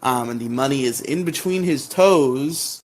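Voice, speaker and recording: A man co-hosting a casual podcast, retelling episodes with filler words and quick high-pitched character impressions. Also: a little hiss or hum. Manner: lively retelling, jumps into exaggerated high voices for characters. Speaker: podcast co-host recapping episodes. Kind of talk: casual recap chat.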